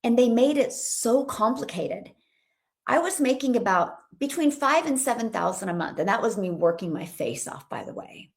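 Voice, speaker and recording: A woman's voice: a little high, lively intonation, moderate pace, vocal fry. Bubbly motivational woman coach, livestream. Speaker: online business coach hosting a livestream. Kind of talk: upbeat livestream talk reading viewer comments.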